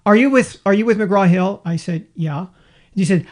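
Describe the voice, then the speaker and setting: A man's voice: sits high, fairly quick. A man co-hosting a casual podcast chat, rambling and acting out quotes as he tells stories. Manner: rambling, animated storyteller with acted-out quotes. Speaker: podcast co-host.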